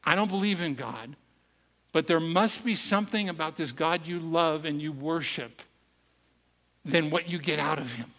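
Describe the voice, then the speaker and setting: A man's voice: a little high, normal speed, a bit bright. A man voicing a smug, skeptical male caregiver who asks mocking, probing questions, heard in an echoey hall. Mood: earnest, curious.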